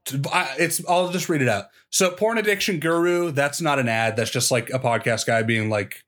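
A man's voice: medium pitch, normal speed, fairly bright tone. A young man co-hosting a podcast in casual chat, rambling, laughing often and swearing freely. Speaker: podcast co-host.

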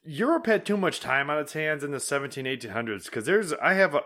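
A man's voice: on the high side, lively intonation, quick pace, bright, forceful tone. A man telling a history story in a laid-back, profane, casual way.

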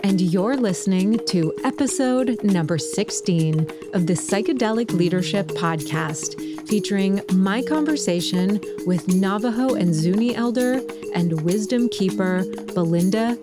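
A woman's voice: medium pitch, a little slow, hardly any pauses, loud music behind the voice. A woman hosting a podcast in her early morning voice, earnest and thoughtful as she talks through her thinking. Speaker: podcast host. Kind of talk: solo podcast introduction.

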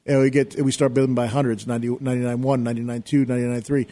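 A middle-aged man recounting a story as a talk show guest. He tells it with energy and acts out his own shouting in the retelling. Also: medium pitch, little pitch movement, racing. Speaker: guest, real estate investor.

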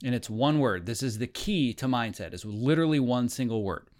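A man's voice: medium pitch, animated, fairly quick, darkish tone. Earnest, emphatic male podcast guest. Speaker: guest, film editor and coach. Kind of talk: podcast conversation.

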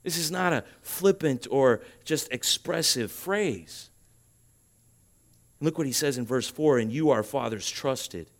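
A man preaching a sermon, his voice swelling loud and high at emphatic points and then dropping to a quiet, urging tone. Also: expressive, slow pace. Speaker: pastor.

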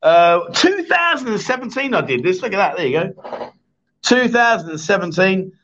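Picture a man with a notably high voice running a casual live-stream chat show. He rambles, jokes and ribs his co-host between viewer comments. The audio sounds dull and lo-fi, like a stream mic. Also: big pitch swings, moderate pace, fairly bright tone. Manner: joking, teasing, rambling.

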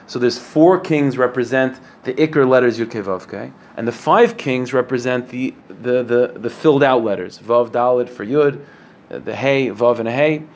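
A man's voice: medium pitch, normal speed, darkish tone. A man giving a Torah lecture to a class, earnest and explanatory, posing rhetorical questions and using many fillers. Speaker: rabbi teaching a class.

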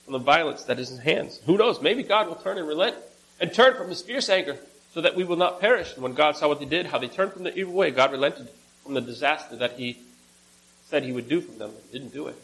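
A man's voice: a little high, quick pace, a bit bright, poor audio. A man preaching, reading a scripture passage aloud with casual asides and small self-corrections.

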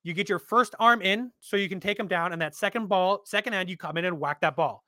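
A man's voice: high-pitched, brisk, dry recording. A man co-hosting a casual sports podcast, talking bluntly and with swearing. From Canada. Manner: animated, blunt, swears freely. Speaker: podcast co-host.

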